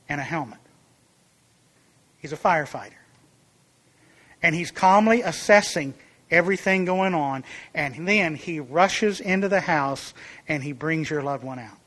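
A man preaching a sermon in an earnest, emphatic way. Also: fairly bright tone. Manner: earnest, emphatic, rises in pitch and volume for illustrations.

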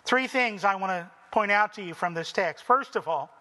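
A man preaching a sermon slowly and deliberately, acting out the people's voices in dramatic quotes. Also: high voice, lively intonation, bright, forceful tone, big-room sound. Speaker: pastor.

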